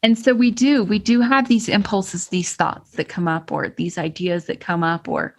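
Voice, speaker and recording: A woman's voice: on the low side, steady tone, moderate pace. A woman co-hosting a podcast who explains ideas thoughtfully in casual conversation and stresses key words. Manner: thoughtful, explains ideas with frequent restarts and emphasis. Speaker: podcast co-host.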